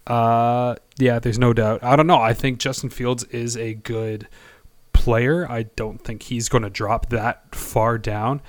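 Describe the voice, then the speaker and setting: A man with a medium-pitched, level voice and no room sound co-hosts a casual sports podcast. He rambles and hesitates, speaking haltingly and frequently making fun of himself.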